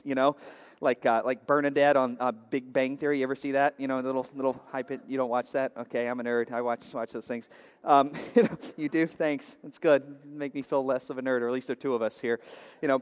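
In a big room, a man with a mid-range voice preaches a light, humorous sermon. His delivery wanders, sprinkled with "you know" and frequent remarks aimed at the crowd.

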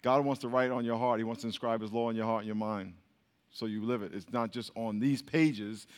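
A man with a lowish, smooth voice and fairly even intonation preaches briskly to a congregation, his words carrying long hall reverb. His call-and-response Bible teaching has him repeating questions, drilling the crowd, and laughing a lot.

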